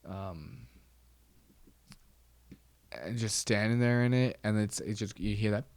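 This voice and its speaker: A man's voice: fairly low pitch, slow pace, no room sound. A young man hosting a podcast, telling wry stories in a rambling, casual way with lots of fillers. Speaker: podcast host. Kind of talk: casual solo chat.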